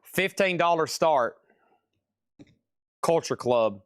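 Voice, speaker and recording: A chatty man runs a live record sale from a record shop, using casual auction patter as he reads out buyer names, prices and record conditions. His voice is on the high side, expressive, slow, clear and resonant, recorded in clean studio sound with no echo.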